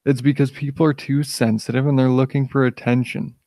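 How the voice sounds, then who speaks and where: A man's voice: mid-range voice, little pitch movement, fairly quick, few pauses, dark tone, no room sound. A young man rambling through an opinionated rant on his own live stream, stoned, with lots of restarts and filler. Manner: opinionated, rambling, frequent restarts and "you know". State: high on cannabis. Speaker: channel host live-streaming. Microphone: desk microphone.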